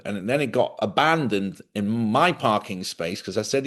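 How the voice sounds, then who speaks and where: A man's voice: mid-range voice, sing-song, moderate pace, hardly any pauses. A middle-aged man hosting a live stream, telling rambling stories in casual chat. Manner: rambling anecdotal storytelling.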